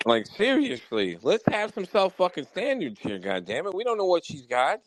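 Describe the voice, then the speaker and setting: A man hosting a podcast, telling wild work stories in a casual, profane, animated way. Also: sits high, moderate pace, hardly any pauses, poor audio. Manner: profane, animated storytelling with mock exasperation. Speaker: podcast host. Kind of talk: casual storytelling chat.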